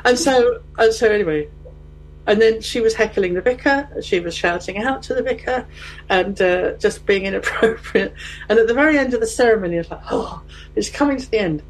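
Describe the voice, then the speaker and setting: A woman's voice: fairly high pitch, brisk, slight background noise, rough recording. A middle-aged woman chatting casually, telling a funny anecdote and acting out the people in it. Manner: animated storyteller who acts out quotes. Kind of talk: casual chat, storytelling.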